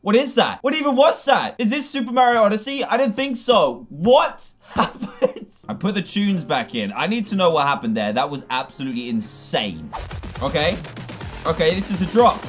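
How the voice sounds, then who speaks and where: A man giving excitable let's-play commentary on a video game, exclaiming and laughing as he plays. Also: sits high, normal speed, soft background music. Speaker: gaming YouTuber.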